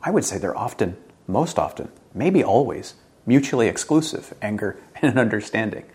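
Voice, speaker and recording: A man delivers a sermon in a low, gravelly voice. He talks earnestly, pushing up into emphatic questions before sinking back down to a quiet, low delivery. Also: expressive, moderate pace. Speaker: pastor.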